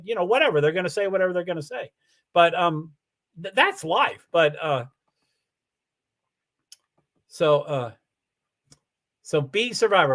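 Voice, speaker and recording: Animated high-voiced man rambling on a livestream. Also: normal speed. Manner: rambling, animated, many restarts. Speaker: livestream host. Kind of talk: casual livestream chat, reading viewer comments.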